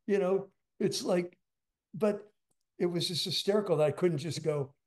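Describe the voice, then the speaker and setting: An older man, a drummer, telling stories as an interview guest in a rambling, animated way with lots of fillers. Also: sits high, normal speed. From United States. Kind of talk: storytelling interview.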